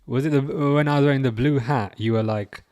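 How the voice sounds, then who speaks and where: A man's voice: medium pitch, brisk, darkish tone, clean tone, no echo. Wry chuckling man, dry sound. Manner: wry, chuckling, reads out chat comments. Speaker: livestream host. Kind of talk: casual football watch-along chat.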